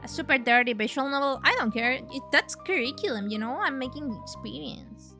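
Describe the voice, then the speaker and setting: A woman streamer whose first language is Spanish, chatting excitably over a game, swearing and leaping up in pitch. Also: brisk, soft background music. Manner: excitable, jumps high in pitch, swears, laughs. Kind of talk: live game stream chat, reading dialogue aloud.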